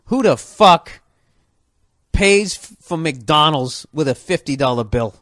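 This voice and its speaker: A man's voice: on the high side, takes it slowly, no echo. A man telling a story as a comic rant, swearing freely and acting out the people in it. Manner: profane, animated, mimics people in the story.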